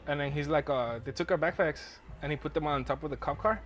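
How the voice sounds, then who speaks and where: A man's voice: a little high, fast, a bit bright, soft background music. A young man hosting a podcast, telling a rambling, profanity-laced story in casual chat and laughing as he goes. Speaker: podcast host.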